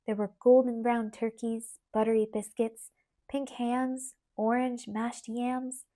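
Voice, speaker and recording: A woman narrating a children's audiobook with an expressive, lilting reading. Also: a little high. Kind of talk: storybook narration.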